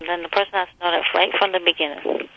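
A woman's voice: lowish voice, little pitch movement, fast talker. A woman talking in a casual chat, chatty and a bit hesitant. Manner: chatty, hesitant, laughs easily. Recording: slightly dull lo-fi with faint noise.

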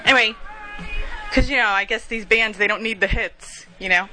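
A woman talks in a loose, rambling monologue, circling back and losing her thread as she tells stories from her day. Her voice sits a little high and sounds bright, and she laughs at herself and swears freely along the way. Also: moderate pace, faint music behind, poor audio. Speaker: vlogger telling stories. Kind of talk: casual monologue, storytelling.

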